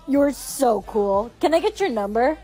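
A woman's voice: a little high, animated, unhurried, dark tone, faint music behind. A woman playing a blunt, skittish schoolboy. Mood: moody. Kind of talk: comedy skit acting.

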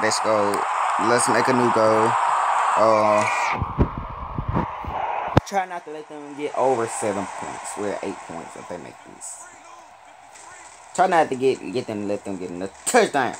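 A young man giving casual commentary while playing a mobile football game, swinging between loud outbursts and quiet muttering. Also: on the low side, big pitch swings, measured pace, pauses often. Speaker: mobile gaming YouTuber. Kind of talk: casual live gameplay commentary. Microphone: phone. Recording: loud background noise.

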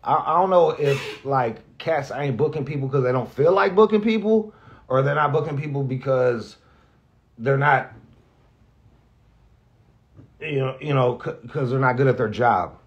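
A man's voice: mid-range voice, measured pace, pauses often, lo-fi sound. Rambling, profane man saying goodbye. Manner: rambling, profane, restarts often; emotional, near tears at times. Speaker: radio host. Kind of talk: casual spoken farewell message.

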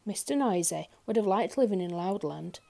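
A woman reading a children's picture book aloud, expressive and talking directly to young listeners. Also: medium pitch, moderate pace, gravelly. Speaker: storyteller. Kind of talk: children's story read-aloud.

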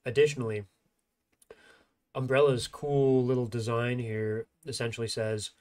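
A man's voice: mid-range voice, little pitch movement, a little slow, a little mellow. A man with a nasal, congested voice giving rambling, self-deprecating live-stream commentary on a strategy game tournament. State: congested sinuses.

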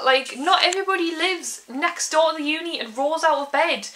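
A woman's voice: sits high, lively intonation, normal speed, few pauses, sharp tone, slight background noise, poor audio. A young woman chatting casually in a vlog, ranting in an exasperated way and saying "like" often. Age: young adult. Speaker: vlogger.

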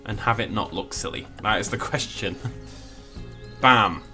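A man's voice: on the low side, steady tone, unhurried, bright, forceful tone, soft background music. A man giving casual, playful commentary while he plays a video game, full of jokey asides. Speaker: let's play host.

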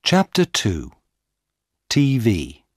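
A man narrating a simple storybook for English learners, slowly and deliberately. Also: fairly low pitch, huge pitch swings, very noisy. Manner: slow, clear and deliberate. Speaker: audiobook narrator.

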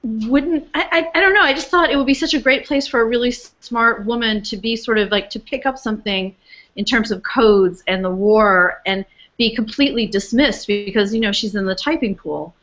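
An author speaking from home over a webcast, a woman with a slightly high voice, earnest and animated as she recounts where her book began. The sound is dull and lo-fi. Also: moderate pace. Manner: earnest, animated, with many fillers and restarts. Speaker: author being interviewed. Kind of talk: casual storytelling interview. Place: home in New York, remote webcast.

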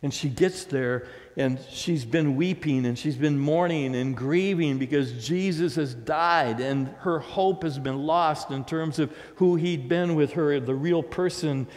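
A man's voice: on the high side, a little mellow, in a large hall. A man preaching a sermon as pastor, in a conversational, storytelling way. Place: church sanctuary.

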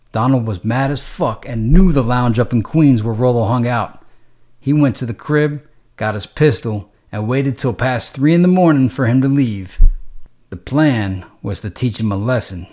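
A man's voice: mid-range voice, moderate pace, a little mellow. A man narrating a gritty street novel in a streetwise, matter-of-fact, profane way. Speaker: audiobook narrator.

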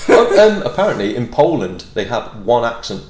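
Animated, foul-mouthed male comedian. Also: mid-range voice, normal speed, reverberant. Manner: swearing, animated, laughs loudly and often. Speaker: stand-up comedian, podcast guest. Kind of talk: casual podcast chat.

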